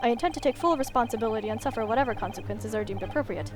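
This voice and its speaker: A woman's voice: a little high, rapid-fire, over music, pitched below the performer's own voice, lightly acted. A woman voicing an earnest young male defense lawyer in a video game, formal and polite.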